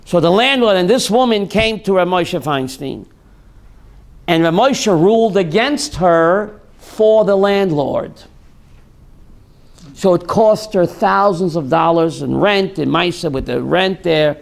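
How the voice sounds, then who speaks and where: Male rabbi, high and gravelly, slow dramatic storyteller. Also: lively intonation. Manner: storytelling, asks the audience questions and answers them; dramatic, voices screaming characters in quotes. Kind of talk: lecture to a class.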